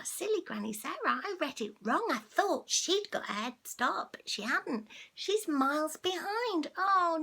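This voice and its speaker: An older woman reading a children's story aloud as a grandmother, chatty and animated, stopping for asides to the listener. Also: on the high side, gravelly, breathy edge.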